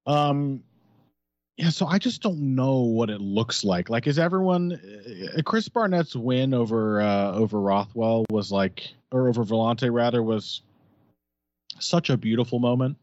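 A man's voice: medium pitch, animated, measured pace, darkish tone, dry recording. Man, podcast co-host, casual fight talk, joking and hedging, muffled lo-fi sound, very dry. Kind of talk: casual fight-analysis chat.

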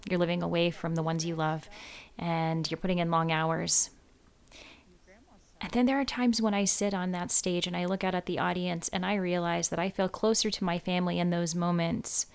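A woman's voice: lowish voice, vocal fry, clean tone. A woman hosting a podcast who talks casually and reflectively, teasing her mother at times. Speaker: podcast host. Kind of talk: casual chat.

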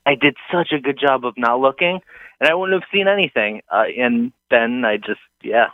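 A man's voice: mid-range voice, lively intonation, normal speed, no room sound. A man in his thirties calling in and telling a story in a rambling, hesitant way, full of fillers. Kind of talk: casual phone-in storytelling. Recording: tinny dry phone line.

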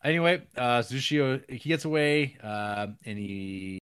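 A man's voice: medium pitch, expressive, a little slow, fairly bright tone, clear, resonant tone, no echo. A man co-hosting a podcast, recapping a film in a casual, rambling way full of fillers and wry, profane asides. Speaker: podcast co-host.

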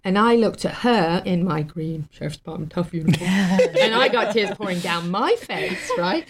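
Talk-show guest, woman, lower register, tells stories warmly with lots of fillers and laughter. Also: sing-song, normal speed, a crowd in the background. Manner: warm and emotional, laughs often, many fillers. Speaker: guest telling a story. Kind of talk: casual storytelling on a talk show.

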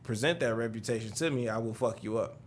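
Young man telling stories over a faint rumble. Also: fast. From Detroit, Michigan. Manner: slangy storyteller, rambling. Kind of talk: casual chat.

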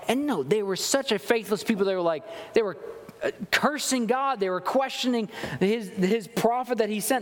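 A male pastor preaching a sermon, reading scripture and acting out quoted voices with big swings in pitch. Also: expressive, normal speed. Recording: long hall reverb.

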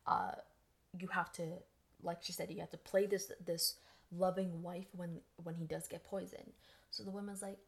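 A woman's voice: on the low side, little pitch movement, moderate pace, gravelly. A woman hosting a podcast, telling a story in a casual, chatty way and acting out quoted voices. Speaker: podcast host.

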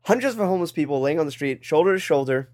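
A young adult man casually telling a rambling travel story on a podcast, breaking into loud laughs. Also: on the high side, expressive, rapid-fire. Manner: rambling, laughs loudly at punchlines. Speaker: podcast co-host.

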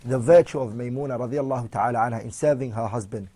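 Man teaching a religious class, dark husky voice, goes through points one at a time, keeps asking the room questions. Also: medium pitch, quick pace. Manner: explains point by point, asks the audience questions; switches between English and Arabic readings. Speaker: Islamic teacher. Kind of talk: religious lesson.

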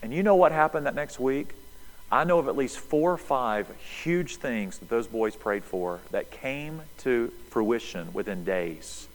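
A middle-aged man, preaching a sermon and telling a story, moving between loud bursts and hushed passages. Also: mid-range voice, measured pace. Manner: animated, swings from loud to hushed. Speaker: pastor. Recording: long hall reverb.

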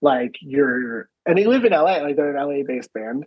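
A man with a rough, husky voice co-hosts a casual podcast, circling his point and restarting his sentences as he goes. His voice sits a little high for a man. The recording is dull and dry, with a lo-fi edge. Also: animated, moderate pace, dry recording. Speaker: podcast co-host. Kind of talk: casual chat.

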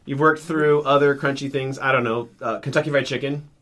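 A man's voice: medium pitch, fairly even intonation, a little fast, fairly bright tone. A man co-hosting a casual podcast, asking probing questions in a mock-therapist way. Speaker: podcast co-host.

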